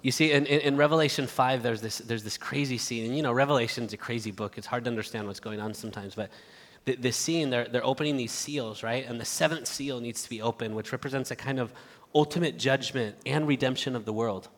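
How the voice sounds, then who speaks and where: A man preaching a sermon in a church, earnest and halting, swinging from loud appeals to hushed asides. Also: mid-range voice. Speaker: pastor. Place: church sanctuary. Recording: reverberant church hall.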